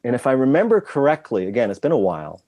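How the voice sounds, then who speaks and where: A guest screenwriter in a casual interview tells rambling, self-deprecating stories, often restarting his sentences. His mid-range voice swings widely in pitch and moves fast, with background noise behind him.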